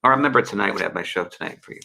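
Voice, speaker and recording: A man hosting a live spiritual show as a medium, gently answering viewer questions with many fillers and restarts. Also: low-pitched, rapid-fire, creaky. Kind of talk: live online Q&A and guidance.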